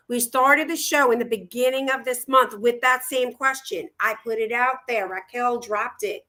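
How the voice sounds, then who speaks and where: Woman co-host, emphatic, repeats questions to listeners, bright, high-ish. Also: moderate pace, hardly any pauses. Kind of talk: casual talk-show conversation.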